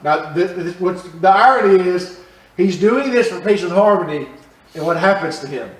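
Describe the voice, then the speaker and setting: A high-voiced man leads a lively Bible class, often asking the group questions and repeating his points. He is recorded from across a roomy church hall with a clear echo. The mic sits well away from him. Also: normal speed, far from the mic. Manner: animated, asks the class questions, repeats phrases. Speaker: Bible study teacher. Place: church room.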